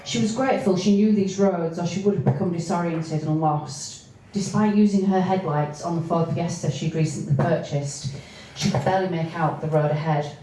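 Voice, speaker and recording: A woman reading from her own novel, with hesitant spoken asides between steady passages. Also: lowish voice, normal speed, few pauses. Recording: echoey room, distant mic, faint noise.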